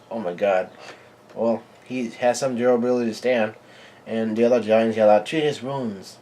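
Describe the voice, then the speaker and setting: Hosting his own channel, this man reacts live while reading through a comic chapter, stumbling over fillers and restarts. He has a lowish, dark voice with a steady tone.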